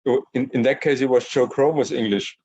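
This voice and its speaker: A man in the class telling an anecdote haltingly, searching for words. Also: medium pitch, steady tone, a little mellow, muffled recording. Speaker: participant in the class.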